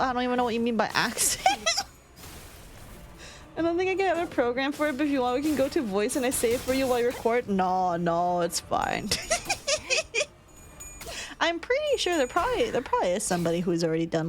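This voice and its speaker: A woman streamer chatting casually over gameplay. She swears freely, laughs often and reads chat aloud. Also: sits high.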